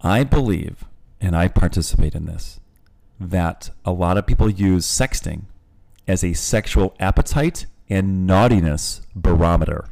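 A man's voice: low-pitched, unhurried, creaky, a little mellow. A man co-hosting a podcast, speaking candidly and thoughtfully in long winding sentences. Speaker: podcast co-host. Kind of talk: casual podcast chat.

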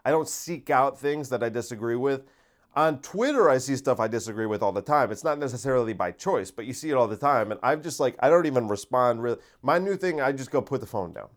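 A man hosting a casual solo podcast, talking in a rambling, energetic way and dropping into deadpan mock voices. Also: medium pitch, quick pace. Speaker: podcast host and comedian.

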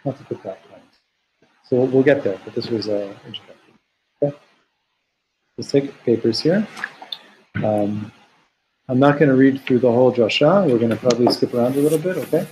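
A man leading a text study class. He translates Hebrew and Aramaic phrases line by line and slows down to quote verses. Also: mid-range voice, warm tone, slight background noise, low-quality recording. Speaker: teacher.

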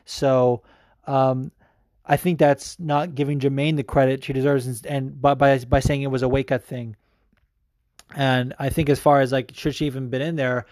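A man hosting a podcast, talking casually in a rambling, excitable way with plenty of fillers and swearing. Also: mid-range voice, normal speed, dry recording, clean studio sound. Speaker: podcast host. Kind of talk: casual chat.

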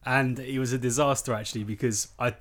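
A man's voice: mid-range voice, fairly even intonation, fairly quick, fairly bright tone. Chatty man in his thirties. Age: 30s. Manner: laughing, chatty storyteller. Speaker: podcast co-host. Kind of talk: casual chat.

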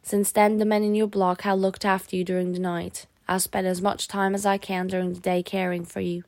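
A gentle, wry older Frenchman, calm and kindly, read by a woman. The voice has a gravelly edge and is recorded close and dry. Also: high-pitched, fairly quick, no echo. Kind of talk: audiobook character voice.

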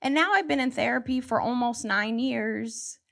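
This comedian, a woman in her 30s, has a slightly high, somewhat bright voice with vocal fry, and she talks at a normal speed. During her stand-up set she tells wry stories at her own expense that build to punchlines. The live recording is noisy.

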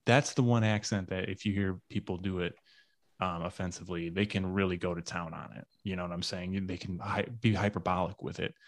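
Low-voiced rambling man, dry close mic. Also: fairly even intonation, fairly quick, no room sound. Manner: rambling, many fillers and restarts. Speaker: podcast co-host. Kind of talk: casual chat.

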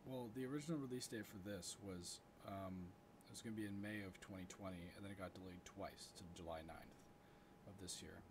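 A man co-hosting a podcast in casual chat, animated and getting louder as he gets worked up. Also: low voice, a little fast, background noise. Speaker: podcast co-host.

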